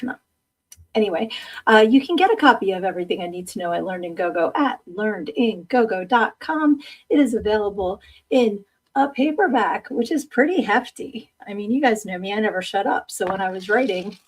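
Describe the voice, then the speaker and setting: A woman in her fifties hosting a live-streamed podcast, chatting casually with viewers in a rambling way, laughing easily and tired from little sleep. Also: medium pitch. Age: 50s. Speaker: podcast host.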